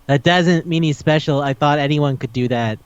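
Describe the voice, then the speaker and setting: A man co-hosting a podcast, ranting in disbelief with rapid questions and lots of swearing. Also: fairly high pitch, clear, resonant tone, no echo, muffled recording. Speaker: podcast co-host. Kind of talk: casual chat.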